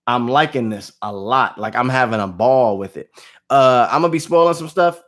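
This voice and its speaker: A man talking casually to his vlog audience, reviewing a movie with animated outbursts and low asides. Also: moderate pace. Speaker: movie vlogger.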